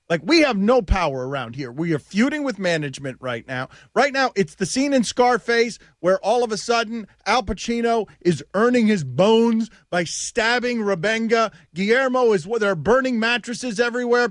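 A man's voice: high voice, no room sound, studio quality. A man hosting sports talk radio, riffing animatedly and firing rhetorical questions at his co-hosts. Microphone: studio microphone.

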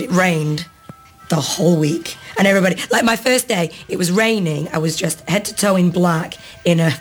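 A woman actress being interviewed, chatting freely and laughing often. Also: low voice. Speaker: actress guest. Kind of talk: casual interview.

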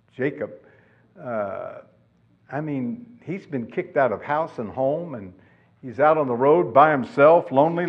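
A pastor preaches a sermon in a husky, mid-range voice, emphatic and putting questions to his congregation. The recording has a dull, lo-fi sound.

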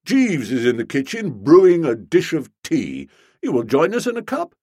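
A booming, cheerful young fellow who welcomes people in with loud good humor, pitched up and lively, in an audiobook, as a man puts him on. The sound is close and dry with a husky edge. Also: normal speed, no echo, full character voice. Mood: jovial. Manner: hearty, boisterous. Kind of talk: audiobook character voice.

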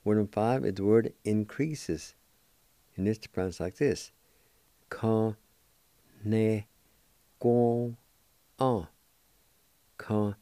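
A man hosting a radio language lesson, spelling out words letter by letter and repeating each one slowly for listeners to practice. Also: fairly low pitch, warm tone, no echo. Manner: slow, careful spelling out of letters and syllables; repeats each word several times for practice.

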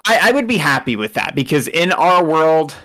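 A man's voice: fairly high pitch, big pitch swings, moderate pace, pushed and bright. A man narrating as game master in a casual, rambling way, laughing often.

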